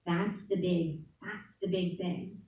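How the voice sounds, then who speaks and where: Slow, chatty New woman, echoey room. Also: lowish voice, fairly even intonation, warm tone, distant mic. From New Orleans. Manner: candid, chatty, laughs often, says "like" a lot. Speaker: speaker at a spiritual center. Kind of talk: casual heartfelt talk.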